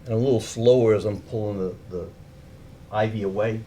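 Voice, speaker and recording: A man spins a story for a live crowd in a relaxed, conversational way. He drops casual swears and pops his voice up high whenever he acts out what someone else said. A faint hiss sits under the recording. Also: a little fast. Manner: animated, acting out the people he quotes with higher voices.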